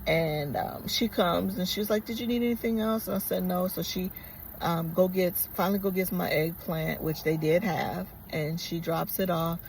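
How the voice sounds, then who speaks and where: A woman's voice: on the low side, steady tone, moderate pace, a little hiss or hum, rough recording. A woman vlogger telling a personal story in a casual, earnest and reflective way, rambling with many fillers.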